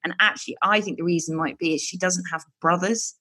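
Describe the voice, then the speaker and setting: A woman's voice: fairly low pitch, steady tone, brisk, bright, forceful tone, husky. A woman in her thirties, a writer being interviewed, speaking in a chatty, frank and self-deprecating way. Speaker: guest, writer and podcaster. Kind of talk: candid interview talk.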